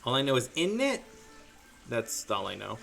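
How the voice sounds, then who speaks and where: A man's voice: medium pitch, fast talker, vocal fry, sharp tone, faint music behind. A man streaming while painting miniatures, chatting casually and jokingly with his viewers. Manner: jokey, rambling, talks to chat.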